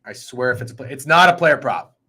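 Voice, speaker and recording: A man hosting a sports betting show, talking in an excitable, profane, rambling way. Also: medium pitch, brisk, slightly rough. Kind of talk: casual sports betting chat.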